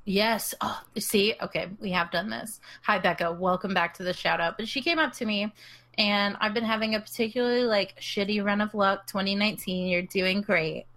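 A woman's voice: mid-range voice, fairly even intonation, normal speed, a bit bright. A young woman co-hosting a podcast, chatting casually and joking with emphatic flourishes. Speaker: podcast co-host. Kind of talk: casual chat.

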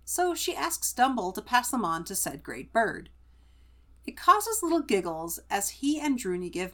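A woman co-hosting a podcast, summarizing a book in animated, chatty casual talk. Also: mid-range voice. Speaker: podcast co-host.

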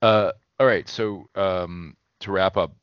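A man's voice: low voice, steady tone, slow, smooth, no echo, dull audio. A man co-hosting a podcast in casual chat, thinking aloud and correcting himself as he goes. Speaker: podcast co-host.

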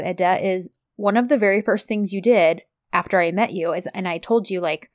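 A woman's voice: mid-range voice, darkish tone, dry recording, studio quality. A woman co-hosting a casual podcast, recapping episodes with enthusiasm and frequent short agreements. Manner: enthusiastic, quick back-channel replies. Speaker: podcast co-host.

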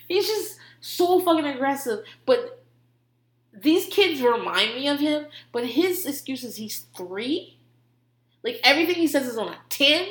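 Animated, laughing woman in an echoey room. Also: sits high, normal speed. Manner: animated, swears freely, laughs often. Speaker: podcast host. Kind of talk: casual comedic recap. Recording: roomy echo.

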